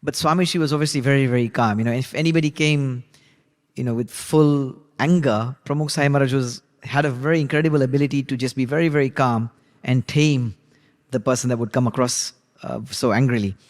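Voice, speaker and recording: A man's voice: mid-range voice, a little fast. A man telling a story in a reverberant hall. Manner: conversational, relaxed retelling with frequent 'you know'. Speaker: religious class teacher. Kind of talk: storytelling lesson.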